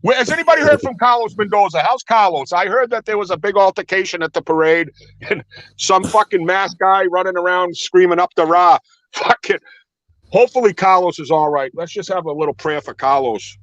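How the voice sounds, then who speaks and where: A man's voice: sits high, a little fast, fairly bright tone, dry recording, dull audio. Crude, rambling man in casual banter. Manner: crude, rambling, laughs often, heavy swearing.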